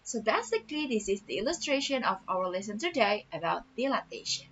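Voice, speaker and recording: Lively woman teaching a math lesson. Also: mid-range voice, a little hiss or hum. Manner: patient, repeats each step slowly. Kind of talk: explaining a math lesson step by step. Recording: dull lo-fi audio with faint music.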